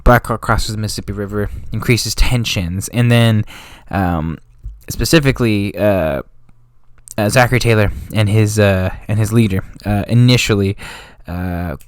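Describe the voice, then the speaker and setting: A man's voice: on the low side, moderate pace, smooth, no echo, studio quality. A man casually explaining history as a channel host, in a slangy, rambling way with frequent self-corrections. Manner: slangy and offhand, drifting into street talk.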